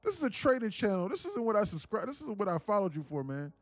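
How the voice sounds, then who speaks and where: A man voicing an irate, broke young male viewer who loudly rants and demands trades. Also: high-pitched, huge pitch swings, quick pace, dry recording, pitched above the performer's own voice, full character voice. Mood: exasperated. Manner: loud, exasperated ranting.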